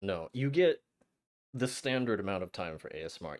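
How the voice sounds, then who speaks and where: A young man streaming a game, chatting to his viewers in an excitable, flustered way with frequent stammers. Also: deep voice, fairly quick. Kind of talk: casual live-stream chat.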